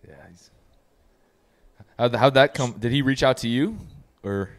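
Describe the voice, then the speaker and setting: A man's voice: mid-range voice, unhurried. A man hosting a podcast, asking questions in a laid-back way, laughing along and swearing casually. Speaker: podcast host. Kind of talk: casual interview chat.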